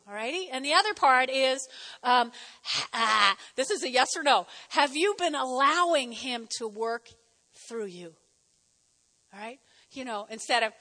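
A middle-aged woman pastor with a New Jersey accent preaching a lively sermon, calling on the congregation to repeat phrases back. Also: sits high, moderate pace. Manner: lively, animated preaching with audience call-and-response. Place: church hall. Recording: reverberant hall.

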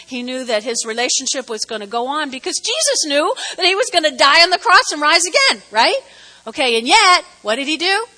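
A woman pastor preaching an animated, conversational sermon and drawing responses from her congregation. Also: high voice, a little fast. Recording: reverberant hall.

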